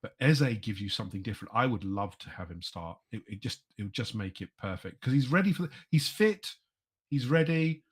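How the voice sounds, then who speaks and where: A man in his thirties, a podcast guest, talking excitedly in a casual chat. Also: slightly rough. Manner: excitable, animated, quick pitch jumps.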